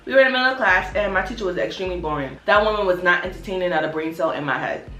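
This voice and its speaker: A young Brooklyn woman vlogs a casual storytime, blunt and swearing freely. Her low voice is animated, racing, and sharp in tone, recorded in a roomy space with faint music.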